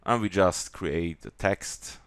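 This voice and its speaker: A man with a German accent walking through a software tutorial in a halting way, with many pauses and fillers. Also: sits low, no echo. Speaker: software demonstrator.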